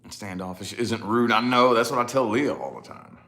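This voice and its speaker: A man's voice: mid-range voice, moderate pace, fairly bright tone. A man in his thirties chatting casually to camera, rambling and laughing at himself, with lots of "you know?". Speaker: vlogger, father.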